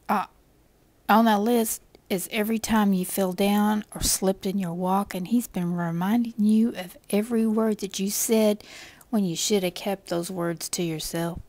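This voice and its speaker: A woman's voice: medium pitch, moderate pace, darkish tone, no echo. A woman telling a devotional story in an intimate, often whispered way.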